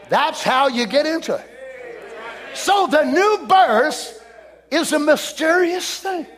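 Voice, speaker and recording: A man in his sixties preaching a sermon, fervent, often shouting, then dropping to a hush. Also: very high voice, lively intonation, takes it slowly, long pauses. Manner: fervent, often shouting, swings between loud and hushed. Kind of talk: revival sermon.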